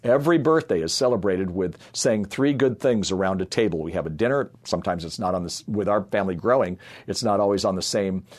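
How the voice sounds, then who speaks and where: A man's voice: deep voice, fast, hardly any pauses, a little mellow. A middle-aged man from a family ministry, giving an earnest sermon-style talk full of personal stories. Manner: earnest storytelling, acts out quoted voices. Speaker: speaker in youth and family ministry.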